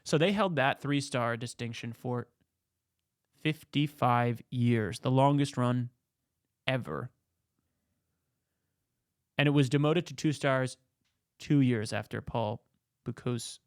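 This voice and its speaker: A man hosting a show, giving comedic, casual commentary with excitable, jokey riffing. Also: mid-range voice, smooth, dry recording, clean studio sound. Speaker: host.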